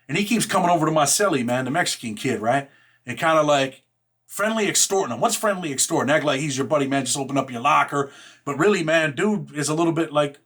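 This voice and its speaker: A man with a slightly raised pitch tells a hard story in loose, rough slang. He talks bluntly and curses freely. He keeps checking in with "right?" and "man". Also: fairly bright tone. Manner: blunt and profane. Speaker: show host telling a personal story. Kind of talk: casual spoken storytelling.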